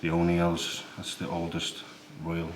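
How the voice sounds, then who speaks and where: A man quietly explaining history as he walks visitors through a museum in an old priory. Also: completely flat delivery, measured pace. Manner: hushed, low-key explaining. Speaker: history tour guide. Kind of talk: walking tour vlog. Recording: echoey room with background noise.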